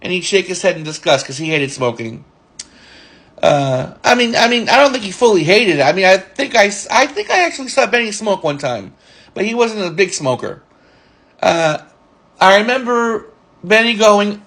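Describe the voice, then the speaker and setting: A man in his forties telling rambling, halting stories about an old friend and coworker. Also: high-pitched, lively intonation, a bit bright. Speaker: storyteller recalling a friend. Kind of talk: casual spoken reminiscence.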